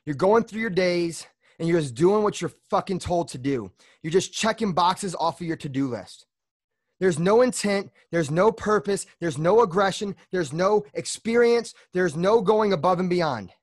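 A man delivers a blunt, fired-up motivational monologue on his own podcast, swearing freely as he pushes his listeners. His voice sits a little high for a man, and he sounds slightly out of breath from a workout. The sound is dry and close, with no room echo. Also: animated, normal speed. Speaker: podcast host.

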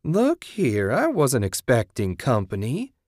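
A man's voice: medium pitch, huge pitch swings, a little mellow, no room sound, clean studio sound, pitched above the performer's own voice, exaggerated voice. A man voicing a weathered older woman squatter with a coy, purring way of talking. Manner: purring, drawn-out.

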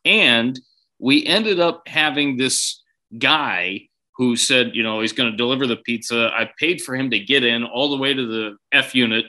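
Bright-voiced man in casual chat. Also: medium pitch, normal speed. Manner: easygoing, chimes in with short replies. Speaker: podcast co-host.

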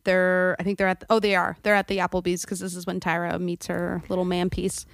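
A woman's voice: lowish voice, completely flat delivery, brisk, creaky. A woman co-hosting a podcast in casual chat, talkative and giggling. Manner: chatty, giggly. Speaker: podcast co-host.

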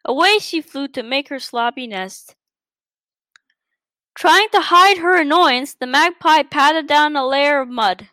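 A woman's voice: high voice, measured pace, sharp tone, no room sound. A woman reading a children's storybook aloud, carefully, with frequent stumbles and restarts. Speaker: story reader.

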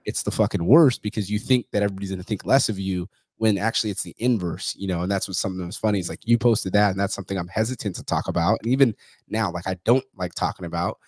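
A man's voice: low-pitched, fast, a little mellow, no echo, clean studio sound. A man hosting a podcast, talking in a casual, rambling way full of swearing and fillers like "you know.". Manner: profane, rambling, says "you know" and "like" a lot. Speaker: podcast host. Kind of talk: casual conversation.

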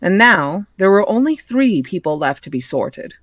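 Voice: mid-range voice, big pitch swings, moderate pace, fairly bright tone, no echo, clean studio sound. Podcast host reading a novel aloud.

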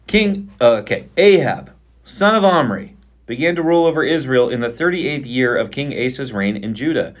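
Male pastor, expressive Bible reader, lively sing-song delivery, playful. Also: medium pitch, normal speed. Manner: expressive reading aloud, playful banter. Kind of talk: podcast Bible reading and chat.

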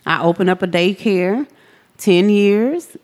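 A woman in her forties, a podcast guest, retelling her own story in a vivid, animated way. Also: slow. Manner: animated, vivid retelling that jumps high when quoting others. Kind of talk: personal storytelling in a podcast interview.

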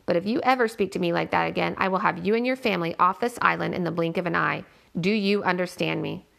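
Stern male warden, firm and threatening, read by a woman narrator; gravelly tone, audiobook. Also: fairly low pitch, quick pace, a bit bright. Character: stern middle-aged male prison warden.

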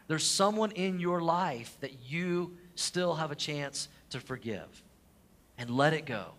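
A middle-aged man as pastor, preaching a sermon and telling a personal story earnestly, his voice dropping soft at the tender moments. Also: on the high side, expressive, measured pace. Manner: earnest personal storytelling, drops to a soft hush at emotional points.

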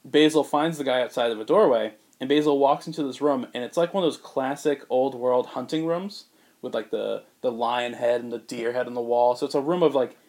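Man, casual podcast chat, rambling storyteller, filler words, mid pitch. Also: a little mellow. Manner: rambling, many fillers, quick voice changes for characters. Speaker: podcast co-host pitching a movie.

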